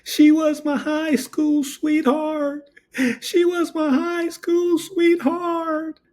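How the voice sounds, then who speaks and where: A man voicing an old man who is sobbing over his dead wife, with a high, broken wail. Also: monotone, extremely slow, darkish tone, full character voice. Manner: wailing, high and broken with grief.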